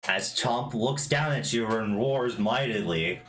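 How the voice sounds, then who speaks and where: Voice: mid-range voice, measured pace, noisy background. A game master narrating a tabletop game in a casual way, swearing freely and checking rules aloud.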